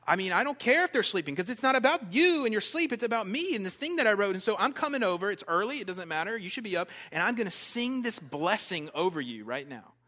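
A pastor acting out a pushy, self-absorbed man who insists on being heard, loud and stammering. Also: sits high, big pitch swings, fast talker, few pauses, in a large hall, voice pushed up, full character voice.

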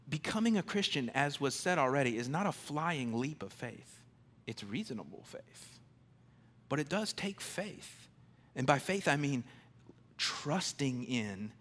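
A man preaching a sermon in a conversational, emphatic way, swinging from loud declarations to hushed, intimate lines. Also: mid-range voice. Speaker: pastor.

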